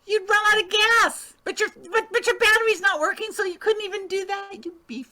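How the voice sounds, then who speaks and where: A woman playing a gushing, bright-voiced nurse. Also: extremely high pitch, steady tone, brisk. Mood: gushing chatty. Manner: gushing, rambling, repeats words. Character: chatty middle-aged woman nurse, gushing and fussy. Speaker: improv performer. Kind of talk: improvised comedy scene.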